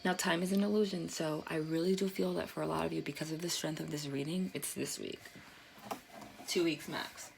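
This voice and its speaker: Gravelly-voiced excitable woman tarot reader. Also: sits low, brisk, slight background noise. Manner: excitable, swearing, breaks into exclamations. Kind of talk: casual tarot reading to camera.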